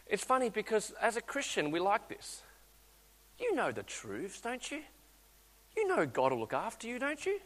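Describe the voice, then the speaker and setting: A man in his thirties preaches a sermon in a high, bright voice. He tells stories animatedly, acting out voices and restarting his sentences. The sound carries the long reverb of a church hall. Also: normal speed. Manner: animated storytelling, acts out voices, restarts often.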